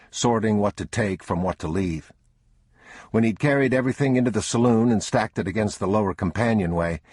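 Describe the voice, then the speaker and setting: An audiobook narrator with a deep, husky male voice reads a scripted passage. The recording is dry, with clean studio sound.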